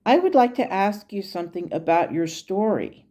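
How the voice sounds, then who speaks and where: A woman voicing a calm, patient male spirit guide who speaks in a measured, gently instructive way. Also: medium pitch, close to an everyday voice.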